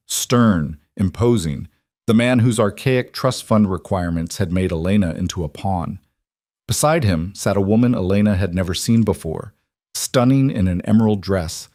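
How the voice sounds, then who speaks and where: A man narrating a scripted romance story in an even, steady delivery. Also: lowish voice, no echo, studio quality.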